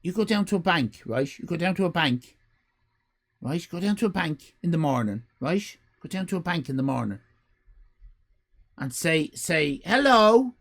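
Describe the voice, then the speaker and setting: A man hosting a live stream, grading viewers' drawings in a mock-stern, theatrical way and often breaking into shouts. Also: fairly high pitch, expressive, normal speed, long pauses. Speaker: livestream host.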